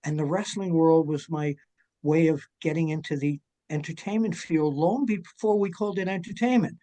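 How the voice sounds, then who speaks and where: An older man chatting as a guest, telling stories in an energetic, jokey way. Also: fairly high pitch, moderate pace. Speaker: guest, wrestling journalist. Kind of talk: casual chat.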